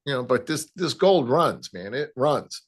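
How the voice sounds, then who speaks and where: A man with a Chicago accent, casually talking through gold price levels as a trading analyst, with many halting restarts. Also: mid-range voice, animated. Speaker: futures trading guest analyst. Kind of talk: casual market talk.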